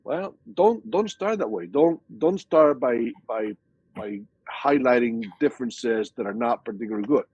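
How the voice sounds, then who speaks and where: Husky older man telling stories with many restarts. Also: medium pitch, moderate pace, no echo, muffled recording. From Hispanic background, from a Spanish-speaking country. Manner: animated storytelling with frequent restarts and repeated words. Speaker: guest speaker. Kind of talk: casual interview answers.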